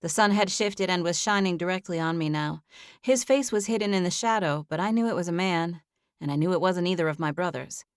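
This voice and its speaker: A woman narrating a first-person novel in a steady, measured audiobook read, close to a studio microphone. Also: on the low side, clean tone, no echo. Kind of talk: scripted narration.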